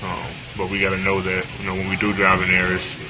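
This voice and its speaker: A man giving a halting postgame interview as a basketball player, pausing on many fillers. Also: low voice, completely flat delivery, background noise. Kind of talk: postgame locker room interview.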